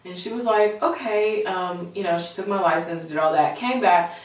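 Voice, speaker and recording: A woman's voice: lowish voice, moderate pace. Chatty young woman in an echoey room. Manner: candid, chatty, animated retelling with lots of fillers. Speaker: vlogger. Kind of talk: personal storytelling to camera. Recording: very echoey room, voice far from mic.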